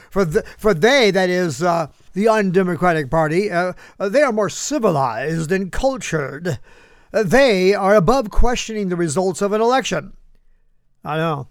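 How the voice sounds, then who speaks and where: Man, high-pitched, sarcastic, commentary host, dry recording. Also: expressive, unhurried, no room sound. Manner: sarcastic, talks back to an unheard listener. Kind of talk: political commentary.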